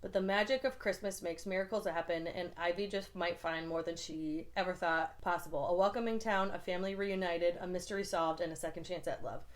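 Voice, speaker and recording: A woman's voice: on the low side, fairly even intonation, fairly quick, hardly any pauses. A young woman from the United States reviewing books in a casual vlog, chatty and gushing, with lots of "like" fillers. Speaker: book reviewer. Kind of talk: casual book recommendation vlog.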